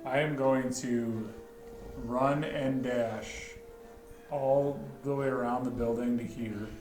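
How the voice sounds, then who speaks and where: Male player, slow deliberate delivery, roomy off-mic sound with faint music. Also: medium pitch, fairly even intonation, darkish tone. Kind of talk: casual tabletop play.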